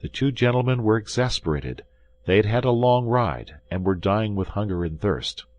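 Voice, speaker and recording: A man with a deep, low voice narrating an audiobook. His delivery is expressive and measured, with pitch that moves in a lively way.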